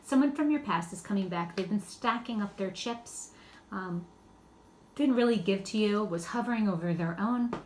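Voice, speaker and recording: A woman giving a casual, rambling tarot card reading in a loose, spiritual way. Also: mid-range voice. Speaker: tarot reader. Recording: echoey room with faint background noise.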